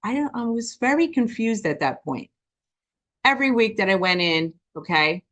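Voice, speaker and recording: A woman giving a personal testimony, talking quickly and passionately, often checking in with "okay?" and acting out voices as she tells her story. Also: mid-range voice. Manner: animated storytelling with quoted dialogue. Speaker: business testimony speaker.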